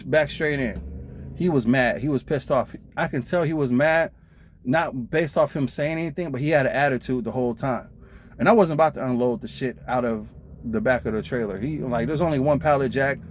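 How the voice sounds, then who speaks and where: A man's voice: medium pitch, moderate pace, slight background noise. Blunt, profane trucker man venting. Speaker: truck driver vlogger. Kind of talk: casual storytelling rant.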